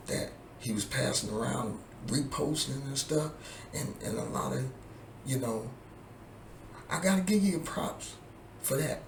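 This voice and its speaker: With a medium-pitched voice and vocal fry, a man vlogs a heated, profane political rant, repeating himself as he circles the same points. Background noise is present, and the room is echoey with faint ambience.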